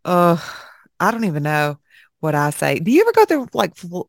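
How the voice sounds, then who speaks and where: A woman's voice: on the low side, very animated, no echo, studio quality. Brash, foul-mouthed woman co-host. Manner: brash, swears freely, quick asides. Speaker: podcast co-host. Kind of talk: casual chat.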